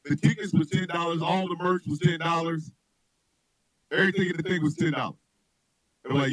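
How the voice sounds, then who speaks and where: A man who is a comedian and radio host, joking loudly in animated casual chat, often shouting and laughing. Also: fairly high pitch, a little fast, long pauses, rough recording.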